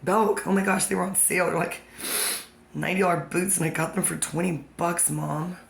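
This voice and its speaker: A woman talks straight to the camera in a loose, wandering monologue, stopping to correct herself and toss in jokes. Her voice has a gravelly fry to it. A clear layer of background noise sits under the recording. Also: fairly low pitch, steady tone, fairly quick. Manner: scattered, self-correcting, jokey asides. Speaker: vlogger.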